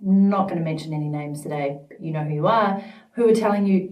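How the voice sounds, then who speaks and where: A woman's voice: low-pitched, fairly quick, darkish tone. A woman vlogging straight to camera, emphatic and playful, sometimes slipping into mock voices. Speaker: vlogger and business coach. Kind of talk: direct-to-camera vlog. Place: studio at home. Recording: echoey room, mic at a distance.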